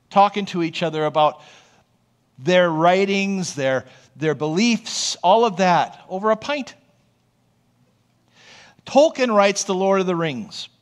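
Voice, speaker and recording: A man who is a pastor, preaching a sermon in a conversational, storytelling way and often checking in with the congregation. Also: high-pitched. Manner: storytelling, animated.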